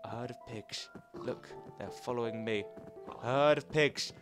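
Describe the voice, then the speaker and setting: A young man commenting as he plays a video game, chatty and excitable, talking to the animals in the game. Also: mid-range voice, unhurried, faint music behind. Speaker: gaming commentator. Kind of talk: playing a game with live commentary.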